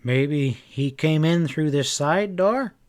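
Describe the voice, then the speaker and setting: A man's voice: a little high, a little mellow. A man reading aloud and voicing an eager, helpful male townsman. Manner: eager, a little slow.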